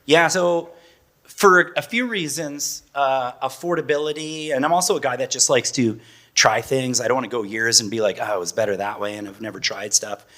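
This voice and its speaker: This is a man in his forties, speaking casually as a parent guest on a panel. His voice sits at an ordinary middle pitch, and he talks in a loose, rambling way, breaking into laughs. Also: moderate pace, pushed and bright. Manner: chatty, loose, often laughing.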